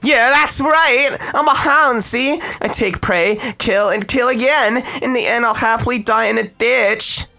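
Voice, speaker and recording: A man voicing a brash, rage-filled young female knight, snarling and cursing in a high strained voice. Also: a little slow, creaky, hardly any pauses, pushed and bright, exaggerated voice. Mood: manic. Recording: faint game music behind.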